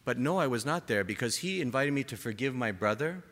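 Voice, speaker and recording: A man preaching a sermon to a gathered congregation, impassioned, rising to emphatic peaks and dropping to soft, quiet lines. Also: mid-range voice, lively intonation, fairly quick. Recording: long hall reverb.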